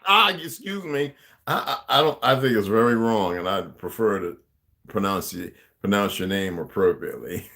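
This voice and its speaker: A man's voice: low-pitched, moderate pace, gravelly, fairly bright tone. A man talking casually to his viewers, rambling with many restarts and asides.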